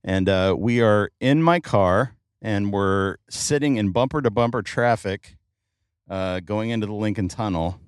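A middle-aged man hosting a casual podcast chat in a car, joking and excitable, with many fillers. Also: on the low side, measured pace, smooth, dry recording, clean studio sound. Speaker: podcast host. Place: in a car in traffic.

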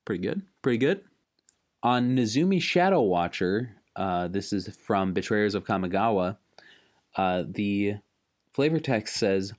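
A man's voice: fairly low pitch, lively intonation, measured pace, a little mellow. A man hosting a podcast, talking casually and thoughtfully, with fillers and restarts. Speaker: podcast host.

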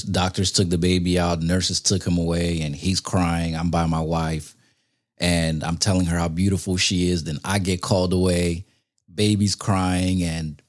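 A man with a low voice tells a story casually and with feeling, slipping into slang as he talks. His telling stays lively and personal.

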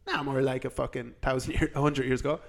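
A man's voice: medium pitch, steady tone, fast talker, gravelly. An Irish man co-hosting a podcast, riffing in casual comic chat with profane, rambling talk. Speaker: podcast co-host.

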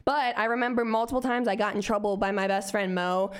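A woman's voice: medium pitch, little pitch movement, quick pace, clear, resonant tone. A young woman telling a rambling, profane anecdote in a casual way, full of "like" and "um". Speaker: storyteller.

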